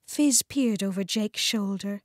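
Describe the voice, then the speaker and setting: A British woman narrating a children's storybook, warm and clearly enunciated. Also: mid-range voice, no room sound, clean studio sound. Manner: warm, slow, clearly enunciated, sing-song. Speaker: audiobook narrator.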